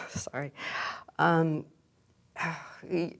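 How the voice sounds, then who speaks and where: A woman answers her coach with hesitant, self-conscious replies. Her voice is low and gravelly. She stumbles on words and laughs easily. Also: lively intonation, measured pace. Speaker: coaching client. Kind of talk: coaching session dialogue.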